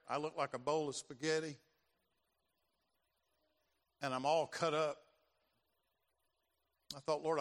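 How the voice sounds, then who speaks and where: Preacher guy, acts out the voices, gets loud, echoey sanctuary. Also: a little high. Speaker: pastor. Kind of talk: sermon. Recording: long hall reverb.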